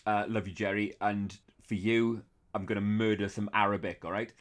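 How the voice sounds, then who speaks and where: A man's voice: lowish voice, flat delivery, moderate pace. A man co-hosting a podcast, chatting playfully and swearing casually. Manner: playful, swears casually, hams up foreign phrases. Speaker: podcast co-host.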